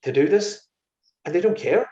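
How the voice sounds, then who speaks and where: A man's voice: sits high, normal speed. A man, a musician guest on an interview, telling exasperated stories in casual chat. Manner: lively, exasperated anecdotes with laughs. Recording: roomy, slightly muffled recording.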